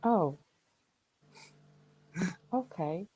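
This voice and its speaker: Low-voiced ugandan woman, earnest chat. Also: expressive, drawn-out words, mellow, breathy edge, no echo, poor audio. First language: not English. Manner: earnest, repeats words and restarts. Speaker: livestream guest. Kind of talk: casual chat. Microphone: video call.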